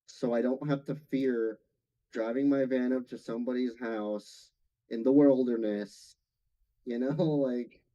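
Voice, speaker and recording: Very dark-voiced man on a dull mic. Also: medium pitch, steady tone, a little slow. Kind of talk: casual chat on a live stream.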